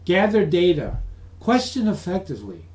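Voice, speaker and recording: A middle-aged man presenting a business course in a lively, conversational way, acting out phone calls. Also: high voice, moderate pace, low-quality recording. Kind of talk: lecture for professionals.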